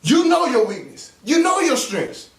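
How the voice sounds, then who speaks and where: Motivational speaker, male, high voice, echoey room, off-mic. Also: wildly swooping pitch, unhurried, far from the mic. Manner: preachy, repeats phrases, emphatic. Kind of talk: motivational talk.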